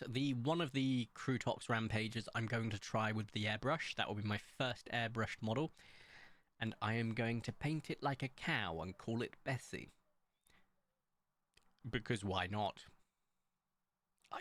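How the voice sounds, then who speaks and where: Chatty man streaming. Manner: chatty and excitable, sudden jumps up in pitch. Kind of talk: casual live-stream chat.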